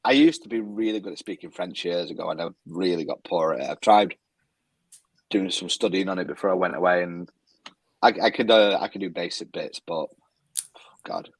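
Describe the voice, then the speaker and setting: A man's voice: low-pitched, fairly quick, husky, dry recording. A British man co-hosting a podcast in casual chat, rambling and restarting his sentences. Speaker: podcast co-host.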